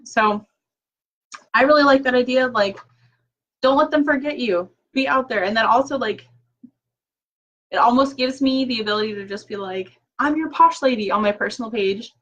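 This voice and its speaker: A woman who works as a direct sales consultant gives an upbeat, casual live-stream recap from her home office, full of fillers and quoted asides. Her voice is a little high and a bit bright. The laptop mic audio has its highs cut off.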